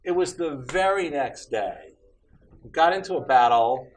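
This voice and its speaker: Man playing a boastful pirate, insistent, earnest, raised lively voice. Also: fairly high pitch, a little slow, a little hiss or hum, low-quality recording. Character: boastful male pirate in a joke.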